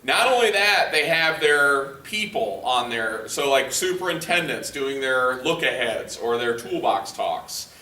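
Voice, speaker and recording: Heard from afar in an echoey room, this male leadership trainer lectures a live workshop group conversationally, quizzing them often and filling his speech with fillers. His medium-pitched voice has lively intonation and a sharp tone, and he takes his time.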